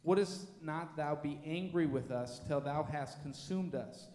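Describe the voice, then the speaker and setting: A man reading scripture aloud in a measured, formal way during a church service. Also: a little high, darkish tone. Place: church sanctuary. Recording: echoey church hall.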